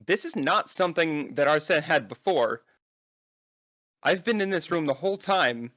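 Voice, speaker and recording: A man's voice: on the high side, expressive, moderate pace, a bit bright, dry recording, clean studio sound. A man voicing a suspicious, hungover male adventurer in a tabletop game, demanding answers. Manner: demanding, interrogating.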